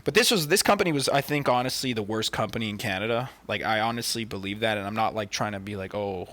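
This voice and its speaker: Guy on a podcast rambling thru a story, lots of swearing, lowish voice with a bright edge. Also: fast talker. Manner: profane, filler-heavy storytelling. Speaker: podcast co-host. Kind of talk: casual chat.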